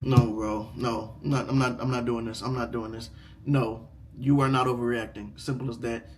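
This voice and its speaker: With a flat delivery at normal speed and slight background noise, a young reaction-video host reads online stories aloud before ranting over them. His talk is repetitive and full of swearing, veering from loud to muttered.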